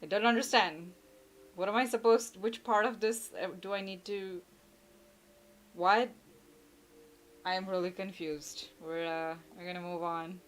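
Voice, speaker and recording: A woman's voice: mid-range voice, steady tone, measured pace, pauses often. A woman from India who runs a channel, giving blunt, playful advice to viewers in a casual chat from home, laughing easily. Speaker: YouTuber answering viewer questions.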